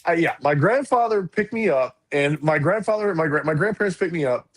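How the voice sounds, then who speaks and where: A man's voice: a little high, animated, fairly quick, fairly bright tone. A man in his forties chats on a podcast with a slightly raised voice. He tells a long story loosely, circling back and restarting his sentences, the way friends talk. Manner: rambling, with frequent restarts and fillers. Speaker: podcast co-host. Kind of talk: casual storytelling chat.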